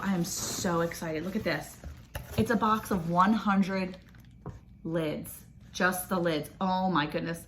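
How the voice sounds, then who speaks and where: A woman, chatting excitedly and gushing as she unboxes a package for her vlog. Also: on the low side, measured pace, background noise. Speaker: homestead vlogger. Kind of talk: casual unboxing chat.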